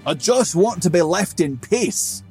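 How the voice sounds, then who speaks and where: Brief: male narrator doing a grumbling old Scots dwarf, loud and bristling. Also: lowish voice, animated, a little slow, faint music behind. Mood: defiant. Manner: gruff, blustering. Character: fat concussed old male dwarf, gruff and bitter.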